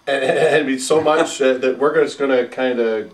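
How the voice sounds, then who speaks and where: A man hosting a casual sports talk show who talks quickly and conversationally while steering the topics. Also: mid-range voice, fairly even intonation. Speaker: podcast host. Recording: roomy, distant mic.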